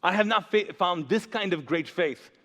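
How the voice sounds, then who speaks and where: A man's voice: high-pitched, normal speed, a bit bright. A man voicing Jesus as a casual, offhand talker in a modern way. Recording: long church reverb.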